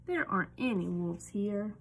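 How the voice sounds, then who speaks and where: A big, cross hen, as a woman reading aloud puts her on squawks her complaint in a loud, swooping voice. She sounds put out and scolding. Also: medium pitch, lively intonation, normal speed, gravelly, slight background noise. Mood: indignant.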